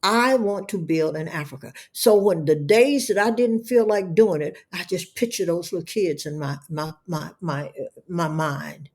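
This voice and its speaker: A woman's voice: lowish voice, normal speed, a little mellow. Fervent woman giving a testimony. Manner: fervent, preacherly, repeats words. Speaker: guest, entrepreneur. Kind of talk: emotional testimony.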